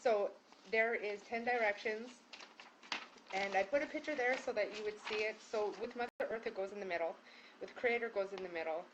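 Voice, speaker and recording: A woman healer talks a group through a prayer ceremony in a loose, rambling way, with plenty of ums and false starts. Her voice sits at an ordinary middle pitch. She speaks from a room hung with prayer ties, with a faint noise behind her. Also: fairly quick, dull audio. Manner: loose and rambling, with many fillers and restarts. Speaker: spiritual healer leading a group prayer session. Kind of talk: casual spoken instruction.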